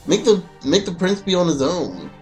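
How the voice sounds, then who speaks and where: A man's voice: sits high, sing-song, normal speed, a little mellow, faint music behind. Joking man narrating a game. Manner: rambling, joking, many fillers. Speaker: let's play gamer. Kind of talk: casual gameplay commentary.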